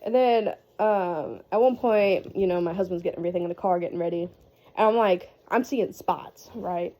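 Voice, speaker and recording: Chatty young woman, mellow voice. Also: lowish voice, normal speed. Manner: chatty, rambling, fillers and laughs. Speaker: vlogger. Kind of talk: casual storytelling.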